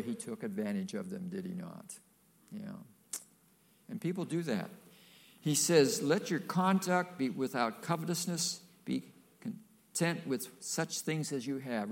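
A man's voice: mid-range voice, gravelly. An older man preaching a sermon, folksy and emphatic, with playful asides to the congregation.

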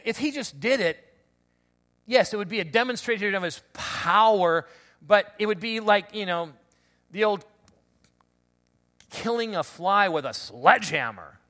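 A man preaching a conversational sermon, telling stories with lots of restarts and animated asides. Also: high voice. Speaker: pastor.

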